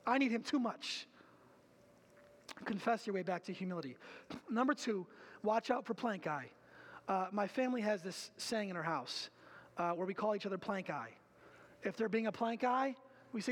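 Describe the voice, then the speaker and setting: A male pastor giving an energetic, conversational sermon with casual asides and building emphasis. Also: high-pitched, moderate pace, long reverb tail.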